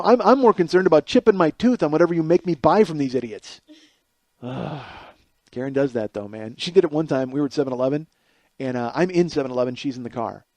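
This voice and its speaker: A comedian delivers a solo, exasperated monologue on his own podcast, sarcastic and peppered with profanity. He's high-voiced for a man but with a darkish tone, captured in a close, dry recording with no room sound.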